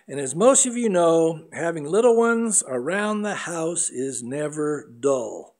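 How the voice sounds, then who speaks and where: A man's voice: on the high side, animated, a little slow, darkish tone. A middle-aged male pastor preaching a sermon in an earnest, conversational way, sometimes putting on voices for a story.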